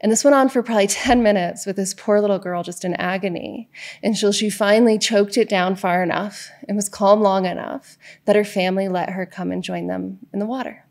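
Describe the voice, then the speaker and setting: A woman's voice: medium pitch, steady tone, fairly quick, a little mellow. A middle-aged woman, a divorce coach, speaking in an earnest, reflective monologue and telling a story, with frequent check-ins to the listener.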